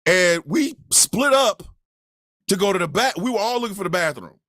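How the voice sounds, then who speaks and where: A high-pitched man from Kansas City tells a profane comedic story, his voice swinging widely up and down. His tone is bright and forceful as he acts out each person's lines, now and then shouting. The sound is dry and close, with almost no room echo. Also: expressive, moderate pace. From Kansas City, USA. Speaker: podcast storyteller.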